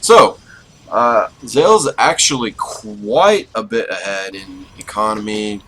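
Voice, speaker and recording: A man calls a strategy game in a relaxed, self-deprecating way, and his rather low voice spikes up when the fights get close. Faint background hiss sits under his commentary. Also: takes it slowly, poor audio. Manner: casual and self-deprecating, bursts of excitement during fights. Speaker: esports caster.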